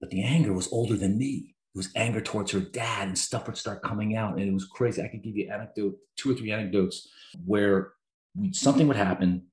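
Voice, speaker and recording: Man, very low voice, middle-aged, therapist, earnest, emotionally open, roomy echo. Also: fairly quick, a little mellow. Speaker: therapist, guest. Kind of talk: candid conversational storytelling.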